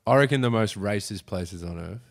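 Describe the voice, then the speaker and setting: A man's voice: lowish voice, fairly quick. A man with an Australian accent in casual podcast chat, blunt and sweary, giving his opinions.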